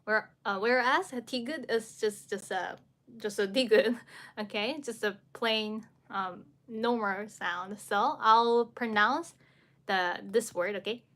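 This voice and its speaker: Slow, bright-voiced woman teaching. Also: fairly high pitch. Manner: patient, demonstrates sounds by repeating syllables; frequent fillers and restarts, laughs lightly. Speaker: Korean pronunciation teacher. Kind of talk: live-stream lesson, answering comments.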